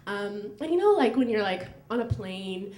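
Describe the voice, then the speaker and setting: A woman's voice: medium pitch, very animated, normal speed, darkish tone. A young woman telling a personal story live on stage, chatty and laughing, with lots of fillers. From United States. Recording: echoey live room.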